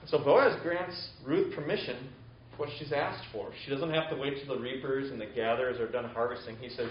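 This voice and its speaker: A man delivers a sermon in a casual, conversational tone, paraphrasing scripture with everyday asides. His voice sits at a middle pitch. The recording is roomy and a little dull, with a faint hiss behind it. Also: fairly even intonation, fast talker. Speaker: preacher. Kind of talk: sermon retelling a Bible story.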